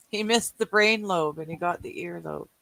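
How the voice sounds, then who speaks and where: A Canadian woman chats through a livestreamed card game, reading viewer comments aloud and laughing at her own jokes. She talks at an unhurried, drawn-out pace. Her voice sounds dry and close, with no room around it. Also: mid-range voice, vocal fry, fairly bright tone, dry recording, rough recording. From British Columbia, Canada. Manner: reads chat aloud and jokes, laughing often. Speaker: livestream co-host. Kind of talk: casual chat while playing a card game.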